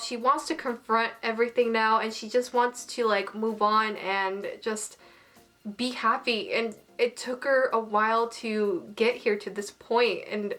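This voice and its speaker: A young woman reviewing an anime episode in casual, animated chat, swearing now and then. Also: fairly high pitch.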